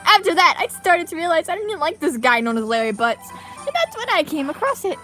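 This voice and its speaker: A woman puts on a loud, excitable young man for a game read-aloud. He blusters and stammers, and his voice stays high and bright with lively swings in pitch. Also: fairly quick, soft background music, full character voice. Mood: gushing. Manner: shouty, blustering, stammers when caught.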